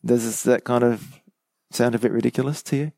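A man's voice: mid-range voice, fairly even intonation, normal speed, gravelly, dark tone, no echo. Guy doing a verse-by-verse bible study, reads then chats about it, asks you questions, dry close mic. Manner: reads scripture aloud then comments conversationally, asks the listener questions. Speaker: pastor teaching a Bible study.

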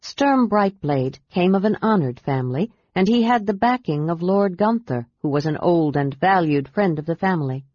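A woman reads a fantasy novel aloud in an even, steady storytelling voice. Her pitch is low, and the recording is dry with a slightly dull sound. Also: normal speed, hardly any pauses, dry recording. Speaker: audiobook narrator. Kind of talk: scripted narration.

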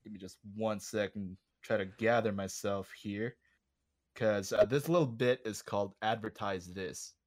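A man's voice: on the low side, unhurried, a little mellow. A man co-hosting a podcast in casual chat, laid-back and affirming, setting up a game segment. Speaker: podcast co-host.

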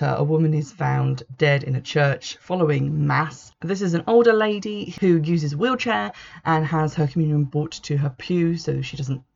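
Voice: mid-range voice, creaky, highs cut off. A book reviewer giving a casual, opinionated review with frequent fillers and an easy, chatty manner.

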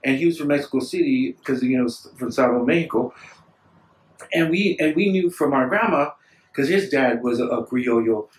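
A man telling stories in casual chat, rambling and animated, acting out the voices of people he quotes. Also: medium pitch, normal speed. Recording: echoey room, distant mic.

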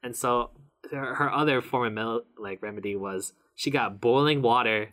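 A young man, co-host of a casual chat podcast, telling a personal story in an animated way and laughing often. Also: medium pitch, normal speed.

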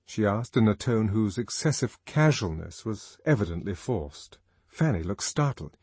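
A man narrating an audiobook in a measured, expressive reading. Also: on the low side, breathy edge, dry recording. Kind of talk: scripted narration.

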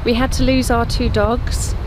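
A woman in her forties with an English accent speaks softly and haltingly, with a slightly high voice. Traffic and street noise run clearly behind her outdoors. It sounds like an interview clip. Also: level tone. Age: 40s. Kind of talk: plain explanation to camera.

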